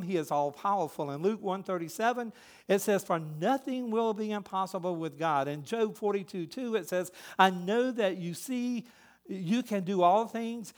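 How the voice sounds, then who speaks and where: A pastor preaching a sermon, a man who is emphatic and swings between loud and soft. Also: high voice.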